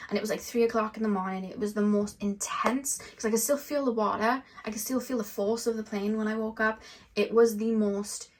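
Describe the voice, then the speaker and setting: Speaking fairly quickly in a mid-range voice, a woman gives her viewers a casual tarot card reading to camera. She's rambling and animated, with lots of filler words.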